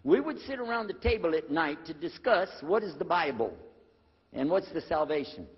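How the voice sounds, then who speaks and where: A man's voice: fairly high pitch, normal speed, breathy edge. Older man telling a story in a hall. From United States. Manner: animated storyteller, acting out dialogue. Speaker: former preacher telling his conversion story. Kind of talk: storytelling talk to an audience. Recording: dull lo-fi recording in a reverberant hall.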